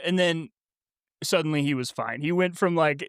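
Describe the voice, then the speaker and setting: A man's voice: fairly high pitch, moderate pace, clean tone, no room sound, clean studio sound. A man co-hosting a book podcast, telling a family story in casual chat with frequent laughs. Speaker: podcast co-host.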